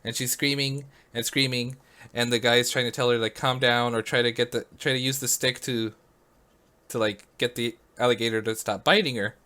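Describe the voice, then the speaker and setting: A man's voice: mid-range voice, steady tone, fairly quick, pushed and bright. Rambling man telling a story. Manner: rambling, lots of "like", laughs often. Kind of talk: casual storytelling.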